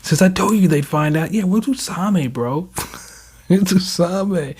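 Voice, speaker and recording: A man hosting a casual manga reaction, talking in a slangy, animated way, laughing often and calling everyone "bro". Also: high-pitched, unhurried, breathy edge.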